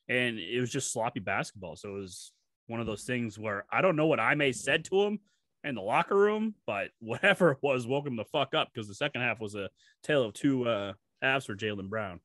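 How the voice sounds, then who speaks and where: A man with a New England accent gives blunt, profane takes on a casual sports podcast. His voice is bright and forceful, and it is recorded dry and close to the mic. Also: medium pitch, brisk, no room sound.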